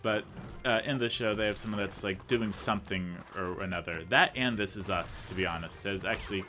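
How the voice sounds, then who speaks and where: A man with a lowish voice chats his way through a video game playthrough. He rambles off on tangents and pokes fun at himself as he plays. Faint music plays underneath. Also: fairly quick, pushed and bright. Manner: rambling, chatty, goes off on tangents; self-deprecating, jokey asides. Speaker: let's play commentator. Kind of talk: casual gameplay commentary.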